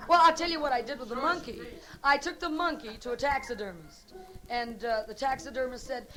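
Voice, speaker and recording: Working the room at a comedy club, a middle-aged woman fires off bawdy, teasing jokes in a brassy manner while a loud crowd reacts. Her pitch is high and her pace a little quick.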